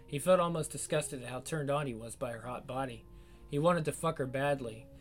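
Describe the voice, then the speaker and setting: Brief: steady male narrator, mid-pitched, faint guitar underneath. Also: brisk. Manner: steady storytelling read. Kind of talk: adult audiobook narration. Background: faint guitar music.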